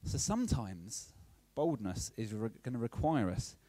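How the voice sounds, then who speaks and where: Lively man preaching. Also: mid-range voice, a little slow, dry recording. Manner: chatty, checks in with "okay?" often. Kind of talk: conversational sermon.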